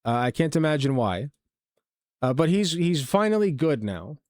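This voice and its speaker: This is a man reacting to a clip on stream, loose and sarcastic, tripping over his words and tossing in fillers. His voice sits a little high for a man. The sound is close and dry, with no room around it. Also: very animated, moderate pace, a little mellow, no echo. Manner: rambling, sarcastic, many fillers and restarts. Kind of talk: casual reaction commentary.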